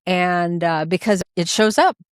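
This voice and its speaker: Podcast host, woman, lowish voice, dry close sound, expressive storyteller. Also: unhurried, clear, resonant tone, no echo. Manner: expressive storyteller, acts out quoted dialogue. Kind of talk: conversational interview.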